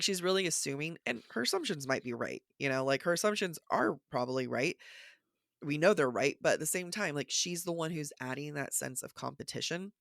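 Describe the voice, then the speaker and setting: Raspy-voiced woman podcast co-host. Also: deep voice, dry recording, studio quality. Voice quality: raspy morning voice. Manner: animated, quoting passages and thinking aloud. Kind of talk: casual literary discussion.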